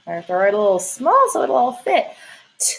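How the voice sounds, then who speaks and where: A woman's voice: mid-range voice, huge pitch swings, fairly quick, gravelly, rough recording. A woman teacher leading a lesson for young children, sing-song and encouraging, stretching her words out.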